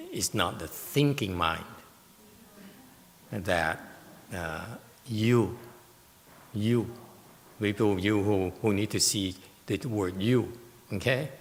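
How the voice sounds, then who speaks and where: A man giving a Buddhist Dharma lecture, explaining slowly and deliberately and taking questions from listeners. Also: low voice, in a large hall, slight background noise. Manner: slow, deliberate, explaining with emphasis. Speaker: Buddhist teacher. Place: meditation hall.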